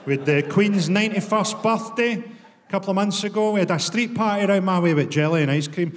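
A Scottish man with a Glaswegian accent performs stand-up in a deadpan, profane style, his voice sitting a touch high for a man. He breaks into mock outrage now and then. The sound rings with a long hall reverb over a clear bed of room noise. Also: fairly quick. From Scotland. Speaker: stand-up comedian. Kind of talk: stand-up comedy set. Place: comedy venue with audience laughter.

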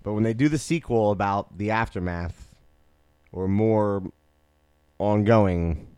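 A man co-hosting a podcast, speaking in a relaxed, measured way with some swearing. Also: fairly low pitch, clean tone, no echo. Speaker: podcast co-host. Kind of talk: casual chat about movies.

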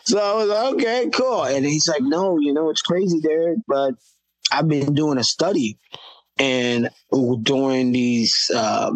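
A man's voice: mid-range voice, no room sound, low-quality recording. A man from Florida, a guest on a podcast, tells his stories with animation and acts out the people he quotes. His voice sits in the middle of the usual range. The sound is close and dry, with no room around it. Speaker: guest, Christian hip hop artist. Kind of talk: casual podcast conversation.

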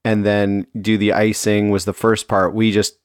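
A man co-hosting a podcast in casual chat, relaxed and joking, who laughs easily. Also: fairly low pitch, normal speed, smooth, no echo, studio quality. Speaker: podcast co-host.

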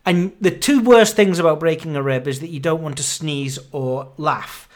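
A man's voice: a little high, normal speed. A man in his thirties hosting a podcast, out of breath, rambling and grumbling with self-mocking humor. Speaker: podcast host. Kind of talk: casual monologue.

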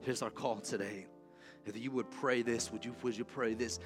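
A male pastor preaching a sermon, moving between quiet storytelling and loud, impassioned calls. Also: medium pitch, steady tone, normal speed, over music. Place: church sanctuary.

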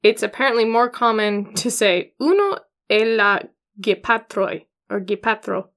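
A young woman co-hosting a casual podcast chat, talking with wry, deadpan asides. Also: mid-range voice, unhurried. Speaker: podcast co-host.

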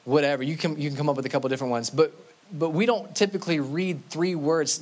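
Male pastor, sermon, slightly high voice, earnest, repeats and restarts words, slow stressed scripture quotes. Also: fairly even intonation.

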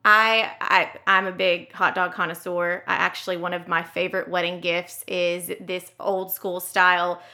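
A woman co-hosting a podcast in casual chat, excitable and quick to laugh, often tripping over her words. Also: fairly low pitch. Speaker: podcast co-host.

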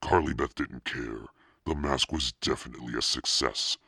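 A man voicing Satan as a demonic podcast narrator, reading a spooky children's story in a slow, menacing drawl with a husky, gravelly voice. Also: sharp tone, no echo, clean studio sound, full character voice. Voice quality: extremely deep, gravelly and husky. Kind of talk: scripted narration.

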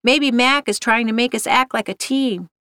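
A woman's voice: a little high, moderate pace, bright, forceful tone, clean tone, no echo. Woman doing thoughtful male researcher, tentative, reasoning aloud, storybook reading, dry sound. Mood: puzzled.

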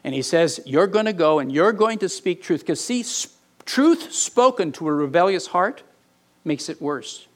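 A man preaching a sermon, reading scripture aloud with animated, mock-indignant asides. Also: sits high, moderate pace. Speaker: pastor.

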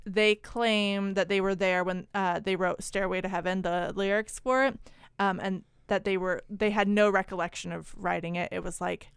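A woman co-hosting a podcast, telling a story in a loose, wry, chatty way. Her voice is very clear and crisp, and it sounds close and dry. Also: mid-range voice, steady tone, normal speed, dry recording. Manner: wry, chatty, many fillers. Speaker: podcast co-host. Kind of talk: casual storytelling chat.

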